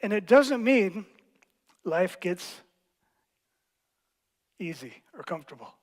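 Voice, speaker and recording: A man preaching a sermon as pastor, teaching in a playful, animated way with quick jokes. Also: high-pitched, long reverb tail. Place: church hall.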